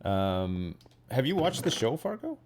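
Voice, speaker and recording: A man's voice: medium pitch, sing-song, a little slow, darkish tone. A Canadian man chatting casually on a stream, rambling and often ending with "right?". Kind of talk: casual chat.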